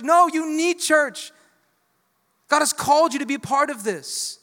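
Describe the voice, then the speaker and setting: A pastor with a very high, pushed and bright voice delivers a sermon at a measured pace, emphatic and calling on the crowd to respond. It's recorded in a church sanctuary with long hall reverb.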